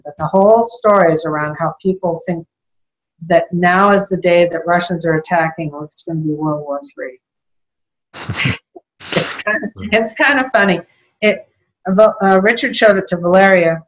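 A woman's voice: on the low side, poor audio. An older woman chatting casually as an interview guest, rambling through a story with small laughs. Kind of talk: casual conversation.

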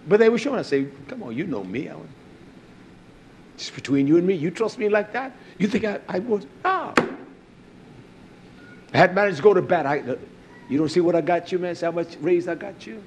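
Giving his testimony, an older man with a high voice speaks briskly yet leaves long pauses, over slight background noise. He recounts a personal story with energy, voicing others' quoted dialogue and frequently repeating himself.

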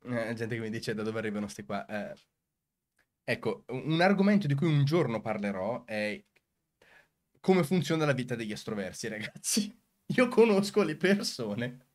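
A man's voice: mid-range voice, expressive, fairly quick, darkish tone. A man with an Italian accent hosting a casual live stream from home, hesitant and laughing often. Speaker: streamer host.

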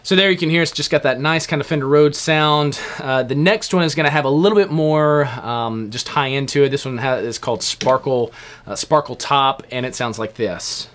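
A man casually walking through piano sounds on a stage keyboard, explaining in a relaxed way with fillers. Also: medium pitch, normal speed. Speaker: keyboard instructor. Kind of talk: casual instructional walkthrough.

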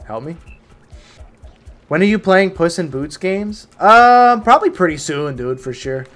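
A man's voice: on the high side, normal speed, soft background music. A young man streaming a game live, commenting casually, reading chat and yelping when things go wrong. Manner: excitable, talks to the game creatures, yelps when startled.

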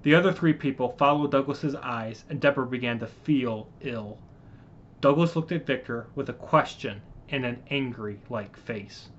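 A man's voice: medium pitch, normal speed, a bit bright, slight background noise. Man reading a story, correcting slips. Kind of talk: reading his own sci-fi story aloud. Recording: muffled lo-fi recording.

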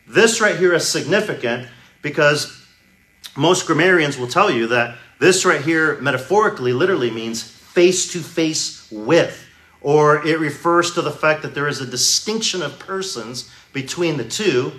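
A man preaching a sermon in a church hall, teaching emphatically and slowing down to stress key words. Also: a little high, bright, forceful tone.

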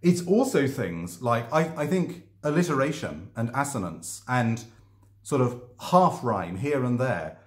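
A man's voice: medium pitch, big pitch swings, unhurried. A man talking about his own writing to camera, thoughtful and hesitant, with many ums and restarts. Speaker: author discussing his writing. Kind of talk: casual explanatory vlog. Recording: echoey room.

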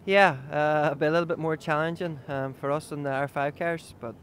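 A young man with a slightly high voice talks about the day's stages at an outdoor rally. He is easygoing and hesitant, leaning on lots of fillers. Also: steady tone, fairly quick, a bit bright, slight background noise. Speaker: rally driver. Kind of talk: trackside interview answers.

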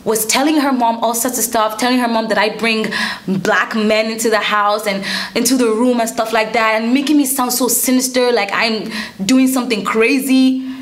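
A young woman vlogger telling a story in an animated, indignant way, with casual slang. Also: on the high side, moderate pace. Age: young adult. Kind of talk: storytime vlog.

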